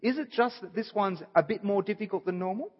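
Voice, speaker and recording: A man's voice: sits high, fairly quick. A man giving an earnest Bible study talk, explaining a passage and stressing points by repeating them. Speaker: Bible teacher. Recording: dull audio with long reverb.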